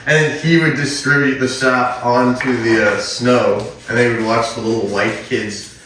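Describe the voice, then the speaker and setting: A man's voice: medium pitch, fairly even intonation, unhurried. Rambling crude man on an echoey podcast. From Canada. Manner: rambling, crude, laughs often and loudly. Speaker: podcast host. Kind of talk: crude improvised comedy chat. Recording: roomy echo, mic a bit far off, faint noise.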